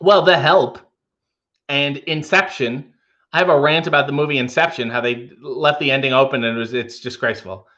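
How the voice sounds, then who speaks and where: Bright-voiced man rambling on a livestream. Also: medium pitch, fairly even intonation, normal speed, lo-fi sound. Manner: rambling, offhand, wry asides. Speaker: livestream host. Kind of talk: casual chat reading viewer comments.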